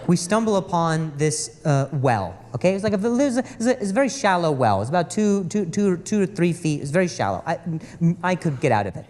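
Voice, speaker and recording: Male stand-up comic, lively and exasperated, higher voice, live club noise. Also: fairly quick, long reverb tail. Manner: animated, exasperated storytelling. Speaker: stand-up comedian. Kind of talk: stand-up comedy storytelling. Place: comedy club stage.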